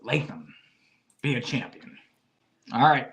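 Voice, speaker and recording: A man co-hosting a casual sports podcast, excitable and reacting out loud as he talks. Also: mid-range voice, takes it slowly. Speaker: podcast co-host.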